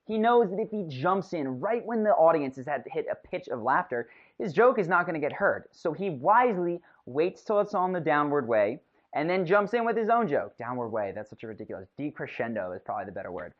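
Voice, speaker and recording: A male instructor talks through a recorded lesson with an animated, swinging delivery. He explains emphatically and acts out little example lines. The sound is somewhat dull and muffled. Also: fairly high pitch, brisk. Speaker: communication instructor.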